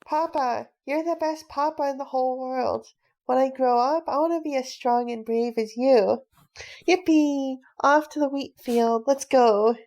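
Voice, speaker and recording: A woman's voice: sits high, measured pace. A woman reading a storybook aloud, voicing a cheerful, hot-headed young boy who talks eagerly. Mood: gleeful. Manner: eager and excitable.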